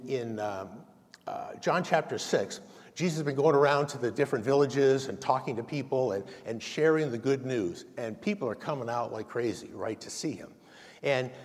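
A man gives a folksy, self-deprecating sermon in a church hall. His voice rises and falls with lively animation. The sound carries a long, roomy reverb. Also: medium pitch. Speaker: lay preacher giving a message. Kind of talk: conversational sermon.

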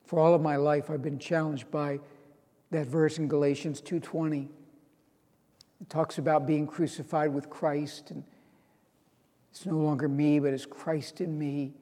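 A man's voice: on the high side, little pitch movement, a little slow, pauses often, mellow, in a large hall. A man preaching a sermon, earnest, reading out scripture and stressing key lines. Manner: earnest, quoting scripture with rising emphasis.

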